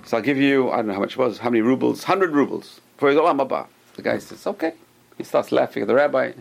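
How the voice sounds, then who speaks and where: This Torah teacher has a gravelly, mid-range voice and talks fast. He tells stories with gusto, playing the parts of the people in them, and his phrases are often repeated or begun again.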